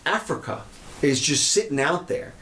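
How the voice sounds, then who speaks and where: Man, middle-aged, fairly high voice, very animated pitch, jokey, casual news chat. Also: moderate pace. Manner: lively, laughs often, jokey. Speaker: podcast co-host.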